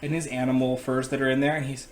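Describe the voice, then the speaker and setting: A young man, a father, telling a lively anecdote in a casual chat and acting out his small son's questions. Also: medium pitch, quick pace, a little hiss or hum. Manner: animated anecdote-telling, acts out a child's questions. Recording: roomy sound with crowd chatter.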